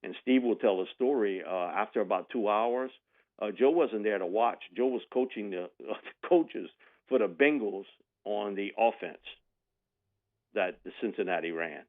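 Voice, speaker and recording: A man's voice: fairly low pitch, normal speed. A man, telling a sports story on the radio and acting out the people in it. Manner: animated, mimics voices in anecdotes with laughs. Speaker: radio guest. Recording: tinny phone line.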